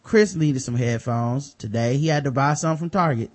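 A man's voice: mid-range voice, normal speed. A man hosting a podcast in casual chat, reading sponsor spots in a loose, jokey, profane way with lots of fillers. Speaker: podcast host.

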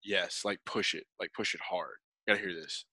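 A man hosting a podcast in casual chat, teasing his guest playfully, with many quick restarts. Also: sits low, fairly even intonation, bright, forceful tone, dry recording. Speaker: podcast host.

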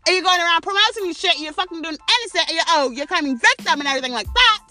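A woman's voice: extremely high pitch, expressive, very fast, bright, forceful tone, soft background music. A British woman hosting a podcast, delivering a furious, mocking, profane rant. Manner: furious, mocking, swearing constantly. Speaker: podcast host. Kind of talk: profane ranting commentary.

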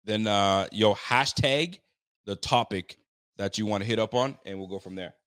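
A man's voice: fairly low pitch, moderate pace, no echo. Laid-back man hosting a sports show. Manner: animated, joking, talks with slang. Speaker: podcast host. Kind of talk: casual sports chat.

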